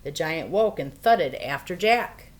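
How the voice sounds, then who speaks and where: A woman reading a fairy tale aloud for children, expressive and playful. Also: low-pitched, measured pace. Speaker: storyteller. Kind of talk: children's storybook read-aloud.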